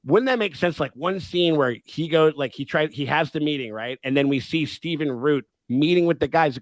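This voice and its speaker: Rambling, laughing livestream host. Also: male voice, fairly high pitch, normal speed, few pauses, dry recording, studio quality. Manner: rambling, laughing, swears often. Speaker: podcast host. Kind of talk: casual livestream chat.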